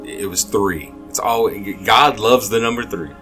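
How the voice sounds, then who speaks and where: A man's voice: on the low side, measured pace, over music. A man co-hosting a faith podcast, chatting casually and joking with the others. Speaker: podcast co-host. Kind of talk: casual chat.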